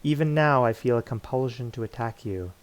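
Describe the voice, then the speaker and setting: A man's voice: medium pitch, brisk, natural voice, poor audio. Grim air spirit holding off the madness, a guy reading it out in his normal voice, game dialogue read aloud. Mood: grave. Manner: grave, reads the text aloud. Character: sane elemental air dweller fighting off madness.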